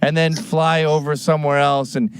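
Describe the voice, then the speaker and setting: A man's voice: fairly high pitch, flat delivery, moderate pace, clean tone. A man hosting a casual chat show, teasing his guest in a blunt, profane way. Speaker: host.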